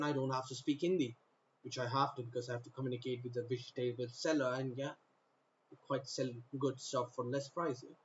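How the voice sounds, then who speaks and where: A man's voice: mid-range voice, lo-fi sound, a little hiss or hum. A man from North India giving a rambling monologue to the camera, often repeating himself and starting sentences over. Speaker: vlogger.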